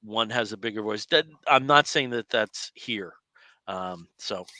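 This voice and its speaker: Man, New Jersey accent, bright, dry close sound, chatty podcast co-host. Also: on the low side, a little slow, no room sound. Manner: chatty, laughs often. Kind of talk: casual chat.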